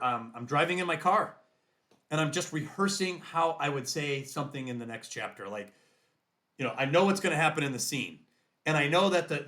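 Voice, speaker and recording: A man's voice: fairly high pitch, a bit bright. A man, a guest author on a podcast interview, thinking aloud as he explains how he works.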